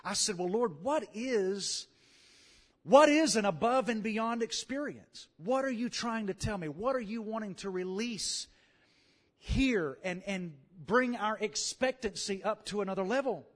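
A man with a Louisiana Southern accent preaching a sermon, building his lines up to loud calls and amens. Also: high voice, unhurried. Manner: animated, swells to loud calls of "come on" and "amen".

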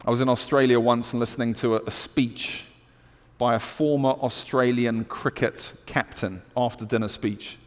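British preacher in a reverberant hall. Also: male voice, medium pitch, fairly even intonation, moderate pace. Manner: builds to loud emphatic declarations, then drops to hushed storytelling. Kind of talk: sermon.

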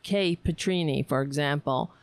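A woman hosting a live stream, chatting casually in a rambling, halting way, reading viewer comments. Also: deep voice, smooth, no echo. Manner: rambling, halting, laughs often, chatty with cats. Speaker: livestream host.

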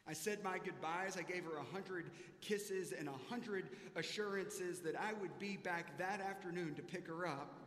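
High-voiced storytelling pastor in a hall. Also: male voice, fairly bright tone. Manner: self-mocking storytelling. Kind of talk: sermon. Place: church sanctuary. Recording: echoey church hall.

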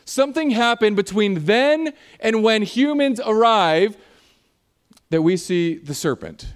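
A man preaching a sermon in a church, animated and jokey, acting out voices as he talks. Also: sits high, measured pace, smooth. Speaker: pastor.

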